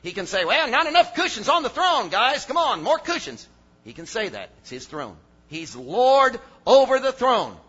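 An older man preaching a sermon, dropping to low asides and then rising to shouted emphasis. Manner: animated, swings from low mutters to shouted emphasis. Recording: dull lo-fi sermon recording.

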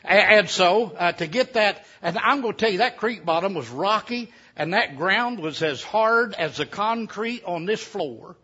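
A man's voice: sits high, animated, unhurried, hardly any pauses, bright, forceful tone, slightly rough. A man telling a folksy tale to a live audience, with chatty asides. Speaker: storyteller. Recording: dull lo-fi recording.

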